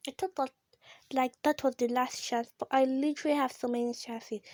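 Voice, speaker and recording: A woman with giving casual, excitable commentary while playing a mobile game, gasping and shrieking at close calls. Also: sits high, moderate pace, long pauses, dry recording. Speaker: gamer.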